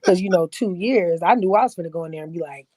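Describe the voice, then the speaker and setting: A woman's voice: fairly low pitch, fast talker, crowd noise, rough recording. A woman in her forties telling stories in a casual chat as a podcast guest, blunt, boastful and full of profanity.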